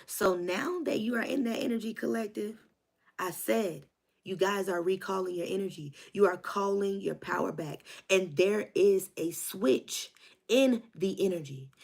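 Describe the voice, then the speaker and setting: A woman's voice: medium pitch, unhurried, vocal fry, a little mellow. A woman doing a spiritual tarot reading for her viewers, preaching with rhythmic repetition and a hyped, encouraging manner. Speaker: tarot reader.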